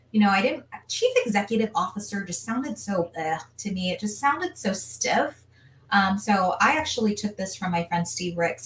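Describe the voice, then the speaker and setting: A woman hosting a casual live stream, lively, reading viewer comments aloud. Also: mid-range voice. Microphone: video call. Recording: echoey room, distant from mic.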